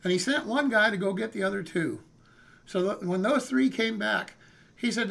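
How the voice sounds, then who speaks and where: A man's voice: high voice, moderate pace, vocal fry, fairly bright tone. A man telling a story casually on a live stream, rambling and checking in with "okay?" and "you know".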